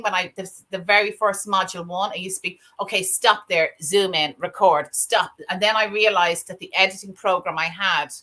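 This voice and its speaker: A woman from Ireland, a flower school tutor explaining in a relaxed way how she made her courses. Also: medium pitch. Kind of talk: casual chat.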